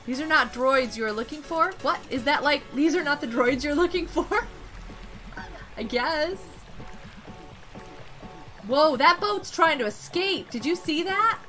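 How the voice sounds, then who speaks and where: A woman streaming a game, chatting casually and excitably, greeting and thanking her viewers. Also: high voice, unhurried, pauses often, soft background music. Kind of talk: casual live-stream chat while gaming.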